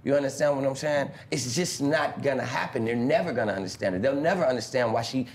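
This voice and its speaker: A man's voice: mid-range voice, quick pace, a little mellow, roomy sound, a little hiss or hum. A man being interviewed, telling stories with lots of swearing and acting out other people's voices. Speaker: interviewed pimp. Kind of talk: animated storytelling. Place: interview clip played on a stream.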